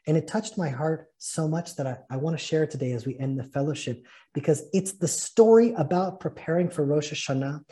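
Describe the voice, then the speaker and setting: A man's voice: on the high side, brisk, warm tone. A man teaching a spiritual fellowship session, telling and reading a story earnestly and with feeling. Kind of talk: spiritual talk and read-aloud story.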